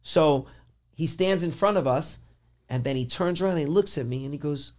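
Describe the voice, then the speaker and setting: A man on a podcast casually telling a story in an animated, rambling way, full of "like" and restarts. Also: fairly high pitch, moderate pace. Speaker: podcast host.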